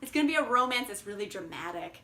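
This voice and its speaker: A woman's voice: mid-range voice, expressive, fast talker, sharp tone. A young woman chatting casually about her reading plans, bubbly, laughing often and saying like a lot. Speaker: book vlogger. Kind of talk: casual chat.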